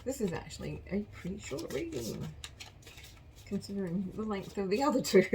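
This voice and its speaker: A woman's voice: medium pitch, animated, moderate pace, vocal fry, darkish tone, a little hiss or hum, poor audio. A woman giving a casual collective tarot reading, chatty and rambling, often laughing at herself. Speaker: tarot card reader.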